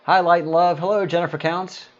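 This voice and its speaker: A man's voice: high voice, fairly even intonation, brisk, muffled recording. A man hosting a casual livestream, greeting viewers and answering chat comments in a rambling, hesitant way with lots of fillers. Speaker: livestream host.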